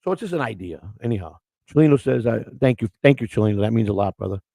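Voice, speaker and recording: Fast-talking gravelly outspoken man. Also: on the low side, animated, mellow, dry recording, poor audio. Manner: outspoken, rambling with many restarts. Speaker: host. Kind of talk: casual storytelling on camera.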